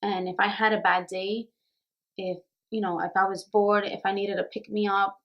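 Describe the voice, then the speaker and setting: A woman's voice: medium pitch, little pitch movement, moderate pace, muffled recording. A young woman who works as a makeup artist and beauty vlogger, talking to the camera in an earnest, reflective way, a little nervous and emotional. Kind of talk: casual talk to camera.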